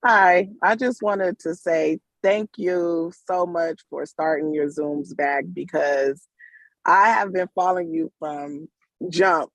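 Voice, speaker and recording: A woman's voice: fairly low pitch, no room sound. A woman, calling in on a video call from work, giving an emotional, rambling thank-you. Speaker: caller. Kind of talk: casual testimony on a video call.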